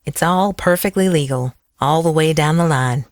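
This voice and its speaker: A narrator voicing a calm, lawyerly churchman in an audiobook, with a melodious voice kept under tight control. He cites cases with precise, even confidence, recorded dry and close at a middle pitch. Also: normal speed, dry recording, natural voice. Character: calm smooth-talking lawyerly man of a church.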